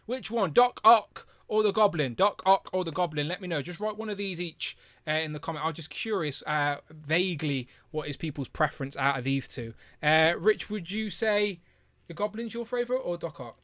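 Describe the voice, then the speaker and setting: A man in his younger years hosts a relaxed live stream, jumping between viewer comments with jokey excitement. His voice is on the high side and cuts through crisply and brightly, close and dry on the mic. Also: moderate pace, dry recording. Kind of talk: casual live stream chat.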